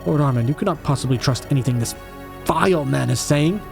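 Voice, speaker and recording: A man's voice: medium pitch, fast, gravelly, faint music behind, close to an everyday voice. A man voicing a treacherous general who argues slyly and insistently. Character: treacherous male general, sly and accusing. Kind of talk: fan audio drama acting.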